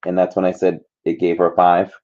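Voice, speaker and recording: A man's voice: low-pitched, completely flat delivery, a little fast, phone-quality sound. A man hosting a casual trivia livestream, chatty and jokey, rambling between questions.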